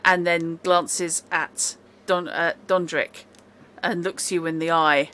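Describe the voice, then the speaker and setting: Unhurried woman game master. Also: on the low side, steady tone, pushed and bright. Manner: unhurried, chatty, with asides. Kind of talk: narrating a tabletop game.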